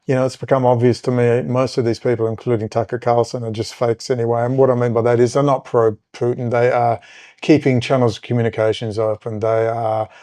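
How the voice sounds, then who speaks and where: Rambling man with a mellow voice. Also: mid-range voice, little pitch movement, brisk. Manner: rambling, conversational, many fillers and asides. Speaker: podcast host. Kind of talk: casual political monologue.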